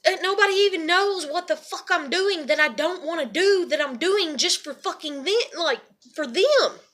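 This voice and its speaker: A woman's voice: very high-pitched, moderate pace, fairly bright tone. A young woman and single mother venting in a rambling, profane personal monologue.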